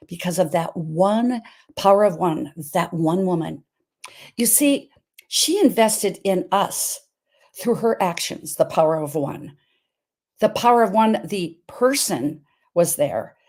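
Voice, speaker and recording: A woman in her seventies from Montana, hosting a virtual health event with an inspirational talk, emphatic and repetitive, swinging her pitch and volume. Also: a little mellow.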